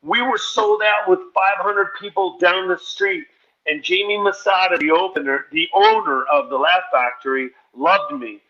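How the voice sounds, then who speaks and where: A man, a stand-up comedian, telling stories in a rapid, run-on way during a podcast interview. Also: sits high, bright, forceful tone, muffled recording. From New Jersey, US. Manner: rapid, run-on storytelling with acted-out quotes. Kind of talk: animated storytelling in a podcast interview.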